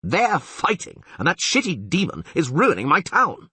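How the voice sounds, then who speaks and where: A man's voice: fairly high pitch, wildly swooping pitch, normal speed, sharp tone, slightly rough, no echo, voice pushed up, full character voice. A man voicing a harried middle-aged town mayor in an audiobook, barking orders in exasperation. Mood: exasperated. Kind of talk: audiobook character voice.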